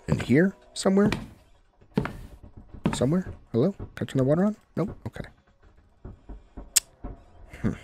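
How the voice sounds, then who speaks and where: A young gaming-channel host with a voice on the high side swears and grumbles to himself while playing a horror game, exasperated throughout his casual commentary. Background noise is audible.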